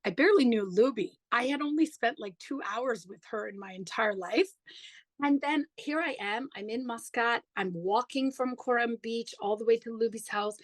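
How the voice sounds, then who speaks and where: Woman, podcast guest, fairly high voice, chatty and enthusiastic, dry close sound. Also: no echo, poor audio. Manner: enthusiastic, chatty, frequent "like" and "you know". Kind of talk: personal storytelling in conversation.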